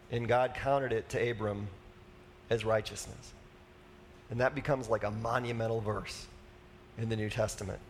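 A man's voice: mid-range voice, a little hiss or hum. A man preaching a conversational sermon as a pastor, casual and chatty, with asides and fillers.

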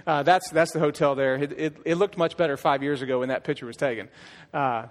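A man's voice: fairly high pitch, fairly even intonation, a little fast. A middle-aged man, a worship leader, giving a personal testimony from a church stage, telling it as a story with acted-out dialogue and frequent restarts. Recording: long church hall reverb.

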